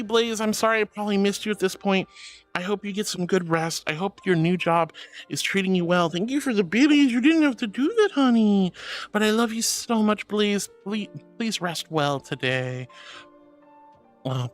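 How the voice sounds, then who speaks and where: A man's voice: high-pitched, moderate pace, faint music behind. A man streaming a casual chat, reading viewer messages and answering them in a gushing, affectionate way. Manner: gushing and affectionate, calls viewers sweetie and honey; excitable, gasps and laughs often.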